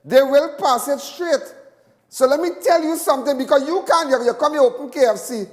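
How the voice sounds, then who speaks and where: A man with a Trinidadian accent hosting a live talk show, giving rambling, animated commentary and repeating himself often. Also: very high-pitched, fairly quick, big-room sound. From Trinidad and Tobago. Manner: animated, repetitive, laughs often.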